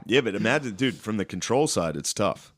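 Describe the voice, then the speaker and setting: A man's voice: fairly low pitch, a little fast, slight background noise. A man co-hosting a comedy podcast, telling stories in casual, profane banter. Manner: animated storytelling, swears and laughs a lot. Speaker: podcast co-host.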